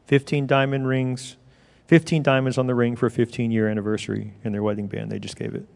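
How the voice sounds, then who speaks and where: A man's voice: mid-range voice, level tone, fast, creaky, darkish tone. A middle-aged male pastor preaching a sermon in an emphatic, conversational storytelling manner. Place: church sanctuary. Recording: long reverb of a large hall.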